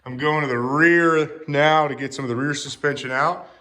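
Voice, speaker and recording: A man's voice: fairly high pitch, steady tone, normal speed, background noise. A young man vlogging about his car build in his garage, rambling and poking fun at himself as he talks to a phone. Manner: joking, self-mocking, rambling. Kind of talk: casual garage vlog.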